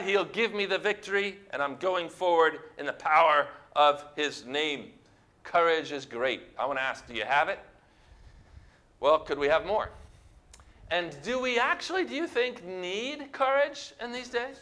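Emphatic high-voiced male preacher. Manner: emphatic, rising to loud exclamations; asks the congregation to repeat words. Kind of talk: sermon.

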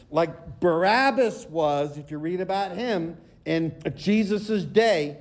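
A high-pitched male pastor delivers a sermon. He reads long scripture passages, slowing down to stress key phrases. His voice sits well above most men's. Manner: preaching, quotes scripture at length with slow emphatic phrases.

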